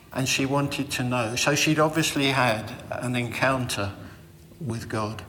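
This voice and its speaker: A middle-aged man delivering a reflective, sermon-style talk that runs on personal anecdotes. He speaks very slowly and deliberately, with a voice of middling pitch, over a faint ambient hiss. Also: steady tone, big-room sound.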